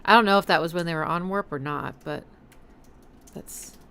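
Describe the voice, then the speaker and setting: A woman's voice: fairly low pitch, moderate pace, sharp tone, slight background noise. A woman hosting a music listening stream, analyzing songs in a rambling, casual way, full of fillers and self-corrections, and humming rhythms to make her point. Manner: hums and scats rhythms to illustrate.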